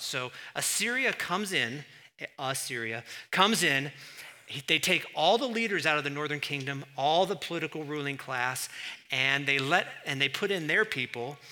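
A man preaching a sermon in an animated, emphatic way, full of rhetorical questions. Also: fairly high pitch. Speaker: pastor.

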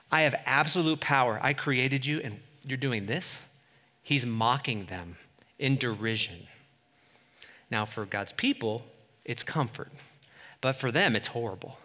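A man preaching a sermon, swinging between loud, emphatic declarations and quiet asides. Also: mid-range voice, in a large hall.

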